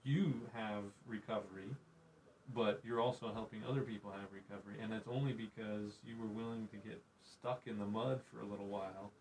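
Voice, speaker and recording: A man's voice: on the low side, fairly even intonation, fairly quick, a little mellow, slight background noise, low-quality recording. A man hosting a faith podcast, reflective and preacherly, retelling Bible scenes in conversation. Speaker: podcast host.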